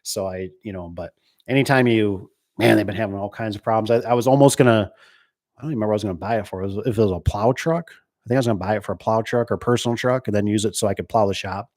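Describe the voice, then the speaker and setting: A man's voice: fairly low pitch, racing, darkish tone. Rambling man in casual shop talk. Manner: rambling, with many restarts and acted-out quotes. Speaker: garage door business owner. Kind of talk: casual chat.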